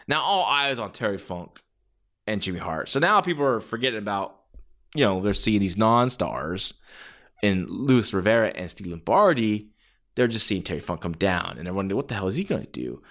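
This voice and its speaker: Male, casual monologue, rambling and animated, mid-range pitch, slips into shouted impressions. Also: normal speed. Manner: rambling, animated, acts out quotes in a raised shouty voice. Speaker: wrestling fan commentator. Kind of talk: casual podcast-style monologue.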